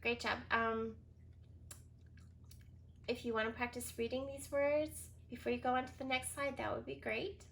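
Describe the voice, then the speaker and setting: A woman's voice: a little high, steady tone, moderate pace, creaky, long pauses, a bit bright, a little hiss or hum. A woman teacher giving a recorded reading lesson for young children, sounding out words and spelling them letter by letter, with frequent praise. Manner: encouraging, praises often.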